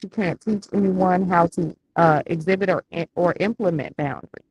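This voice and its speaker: A woman's voice: on the low side, normal speed, darkish tone, husky, dry recording, muffled recording. A woman co-hosting a reaction show, talking bluntly and mockingly with lots of swearing. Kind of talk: casual reaction commentary.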